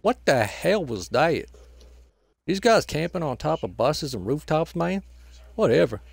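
A man's voice: fairly high pitch, very animated, unhurried, vocal fry, husky, dry recording. Grumbling man commentating his game. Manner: grumbling and frustrated, ends nearly every phrase with "man"; swears and trash-talks opponents. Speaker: gameplay commentator filling in for the channel owner. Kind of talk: casual live gameplay commentary.

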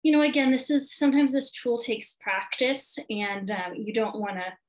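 A woman's voice: fairly high pitch, moderate pace, low-quality recording. A woman presenting a parent workshop on test anxiety, talking earnestly and repeating key words for emphasis.

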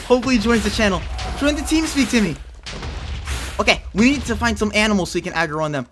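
A man hosting a video game let's play, chatting to viewers and breaking into panicky yelling when things go wrong, speaking into a headset mic. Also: high-pitched, fast, long pauses, soft background music. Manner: excitable, panicky yelling under pressure. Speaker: gaming channel host.

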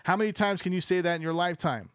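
Young man reading aloud, higher voice. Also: very fast, clean tone, no room sound, studio quality. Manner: swears freely, loose and joking. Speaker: podcast host reading a book aloud. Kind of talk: casual read-aloud with off-the-cuff asides.

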